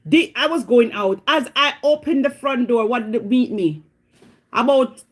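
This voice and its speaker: A slightly rough, somewhat high voice belongs to this middle-aged Jamaican woman, who speaks with a Jamaican accent. She vlogs in a casual chat, storytelling with animated drama and lots of exclamations.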